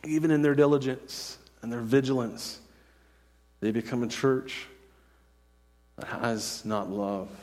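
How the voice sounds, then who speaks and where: A man preaches with earnest insistence, circling back on phrases and checking in with "right?" His voice sits at an ordinary middle pitch. A long reverb trails each word through the sanctuary. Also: fairly even intonation, unhurried, long pauses, darkish tone. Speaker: pastor. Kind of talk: sermon.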